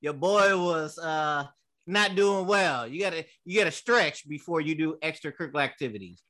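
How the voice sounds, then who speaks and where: Bright-voiced man in his thirties, loose and profane. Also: fairly high pitch, normal speed. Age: 30s. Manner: loose, profane storytelling with lots of fillers. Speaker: podcast co-host. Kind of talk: casual chat.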